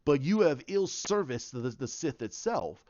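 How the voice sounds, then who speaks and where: A man voicing a scheming ancient male dark lord who lectures in a slow, deep, commanding way. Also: big pitch swings, no room sound, lo-fi sound. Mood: menacing.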